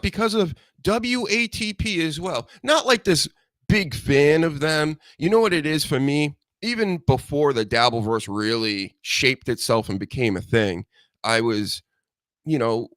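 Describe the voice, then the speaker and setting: A man's voice: mid-range voice, fairly bright tone, clear, resonant tone, dry recording, clean studio sound. A man hosting a casual podcast chat, blunt and opinionated, talking loosely. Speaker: host.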